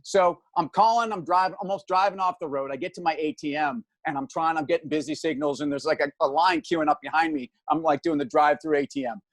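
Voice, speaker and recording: A man in his fifties hosting a casual show, telling a lively story and acting out the voices of other people. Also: fairly high pitch, quick pace, few pauses, no room sound. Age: 50s. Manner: animated storyteller, acts out voices. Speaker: show host.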